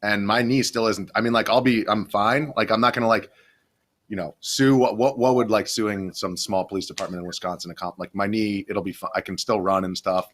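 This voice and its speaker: A man's voice: lowish voice, fairly even intonation, fairly quick, a bit bright. A young adult man, a video journalist, rambling through a story in a casual podcast interview, full of restarts and fillers.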